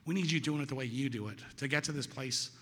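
A man speaks at a recovery meeting in a bright, forceful voice, telling his story casually and acting out quoted voices louder and higher. His voice rings with the long reverb of a big hall. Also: fast, breathy edge. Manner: conversational, storytelling, asks "right?" often. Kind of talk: personal testimony talk.

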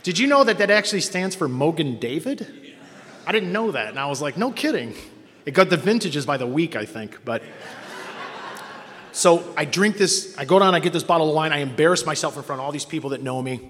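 This middle-aged man recounts his recovery to a meeting with candor and self-mockery, his voice on the high side, expressive, a bit bright and a little fast. There's slight background noise and a long hall reverb.

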